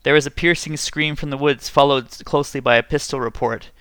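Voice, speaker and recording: A man narrating a short story aloud in a measured, even reading. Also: medium pitch, clean tone, dry recording.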